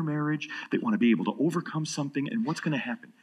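A man preaching a sermon with lively delivery, dropping to hushed tones and rising to loud emphasis. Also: on the high side, fast talker, hardly any pauses, breathy edge. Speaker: pastor.

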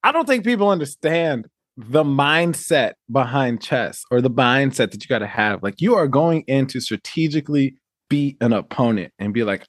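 A man's voice: mid-range voice, no room sound, studio quality. A man co-hosting a casual podcast, laid-back and swearing as he hypes up a story. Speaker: podcast co-host. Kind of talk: casual chat.

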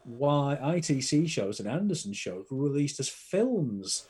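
A man's voice: medium pitch, very animated, unhurried, a little mellow, husky. A man chatting as a podcast guest, enthusiastic and rambling with plenty of fillers. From Britain. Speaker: podcast guest, film collector. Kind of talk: casual chat.

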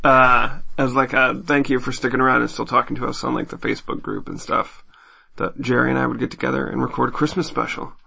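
Male podcast co-host, gravelly and husky, rambling, swears casually. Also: mid-range voice, little pitch movement, fast, sharp tone. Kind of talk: casual chat.

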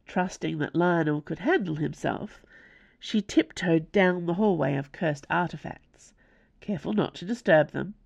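Expressive, gravelly woman narrating. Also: low-pitched. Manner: expressive storytelling. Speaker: author reading her own novella. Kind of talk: scripted narration.

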